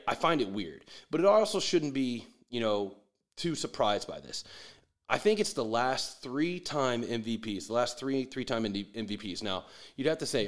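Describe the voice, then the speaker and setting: A man delivering a profane, sarcastic sports rant with mocking asides. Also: fairly low pitch.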